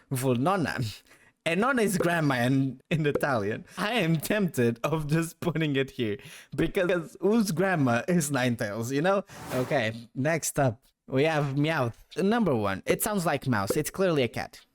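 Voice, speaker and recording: A man's voice: on the high side, big pitch swings, moderate pace. A young man giving playful, casual commentary as he ranks names, laughing often and swearing now and then. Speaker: YouTuber ranking names.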